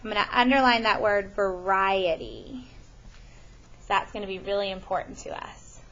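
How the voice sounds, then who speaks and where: Woman, math teacher, animated, questioning students, bright tone. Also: mid-range voice, moderate pace, vocal fry, dull audio. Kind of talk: classroom lesson. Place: classroom.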